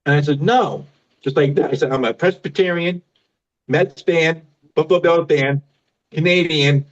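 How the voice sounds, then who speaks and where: A man's voice: on the high side, moderate pace, muffled recording. A man in his fifties doing a stand-up comedy set, mocking himself and laughing at his own jokes. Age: 50s.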